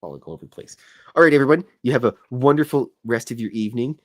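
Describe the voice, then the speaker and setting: A man's voice: mid-range voice, expressive, fast. A man hosting a casual livestream, chatting and rambling while he draws. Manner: rambling, chatty, self-deprecating. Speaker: show host.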